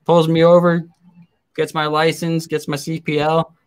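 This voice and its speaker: A man's voice: fairly high pitch, completely flat delivery, moderate pace, clean tone. A man in his forties hosting a casual chat, telling crude stories and laughing often. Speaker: host.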